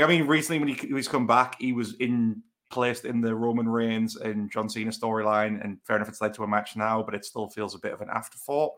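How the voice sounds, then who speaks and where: A man's voice: mid-range voice, fairly bright tone. A man co-hosting a casual podcast chat, explaining his picks at length. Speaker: podcast co-host.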